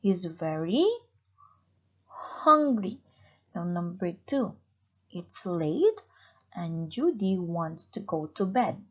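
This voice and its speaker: Slow, patient woman teaching young children. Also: lowish voice, sing-song, a bit bright. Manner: slow, patient, questions and praises pupils. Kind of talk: online class lesson for young children. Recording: slightly dull, lo-fi recording.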